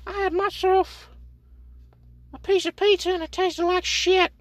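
Squeaky foul-mouthed schoolboy. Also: male voice, flat delivery, measured pace, a bit bright, no echo. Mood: disgusted. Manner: profane, exaggerated complaining. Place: inside a parked truck.

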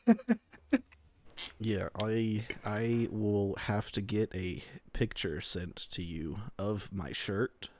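Slow-talking young man on a podcast. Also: lowish voice, fairly even intonation, a little mellow, a little hiss or hum. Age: young adult. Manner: laid-back, plays along with jokes, laughs often. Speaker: podcast co-host. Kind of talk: casual comedic chat.

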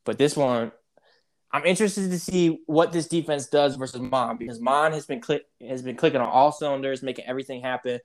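A man's voice: medium pitch, a little fast. A man co-hosting a casual sports debate show, talking animatedly and repeating his points to hype the game.

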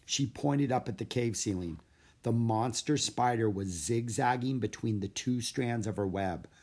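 A man narrating a children's storybook in a steady, measured reading voice. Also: medium pitch. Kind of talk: storybook read-aloud narration.

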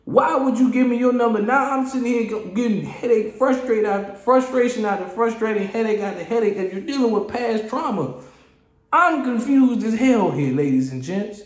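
A man with a high voice rants on a casual solo podcast in an animated, exasperated way. He stumbles, repeats himself and restarts his phrases. His voice echoes around a roomy space. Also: moderate pace. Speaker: podcast host.

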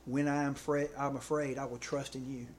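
In a mid-range voice with a flat delivery, a man preaches fairly quickly in a conversational style, frequently checking in with his listeners using "okay" and "right." Slight background noise can be heard.

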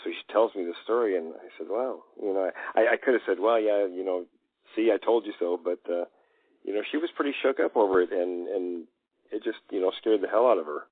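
Man, very low voice, rambling, tinny phone audio, dry. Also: quick pace, dry recording. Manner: rambling with many fillers and restarts. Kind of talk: casual storytelling.

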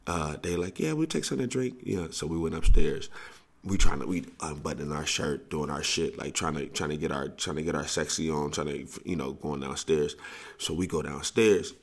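A man's voice: rumbling low, fairly even intonation, normal speed, husky. A man hosting a podcast, telling a long casual story in a rambling way, repeating and restarting phrases and laughing often. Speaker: podcast host, coach.

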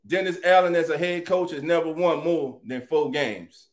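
A man hosts a casual live sports talk stream. His voice sits a bit high for a man. He talks in an animated way and greets his viewers by name as family. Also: normal speed. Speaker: sports talk show host.

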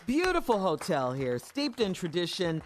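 A woman's voice: fairly low pitch, huge pitch swings, normal speed, background noise. A woman cohosting a radio morning show, talking in a playful, laughing way.

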